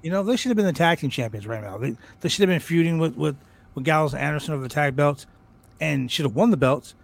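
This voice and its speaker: Brief: man, slightly high voice, excitable rambling podcast co-host, swears freely. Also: quick pace, vocal fry. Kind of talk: casual wrestling podcast chat.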